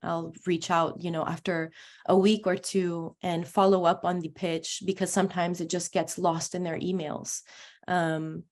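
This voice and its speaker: A woman's voice: fairly low pitch, flat delivery, a little slow, a little mellow. A woman journalist being interviewed, talking through her answers with many fillers and restarts. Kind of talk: conversational interview talk.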